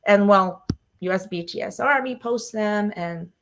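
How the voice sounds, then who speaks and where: Chatty, excitable woman hosting solo. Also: mid-range voice, measured pace. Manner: chatty and excitable, with frequent laughs and fillers. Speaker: podcast host. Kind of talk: casual solo livestream chat.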